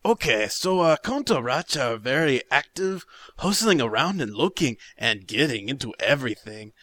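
Lively-voiced man reading with crude jokes. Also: medium pitch, moderate pace, no echo. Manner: reads aloud with crude asides, breaking into laughter. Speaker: podcast co-host reading entries aloud. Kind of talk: comedic podcast banter.

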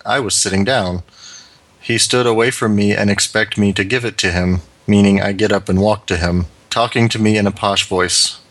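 Man, low voice, dry close mic, reading a listener letter, wry comedy podcast. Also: fairly even intonation, normal speed, a bit bright, no echo.

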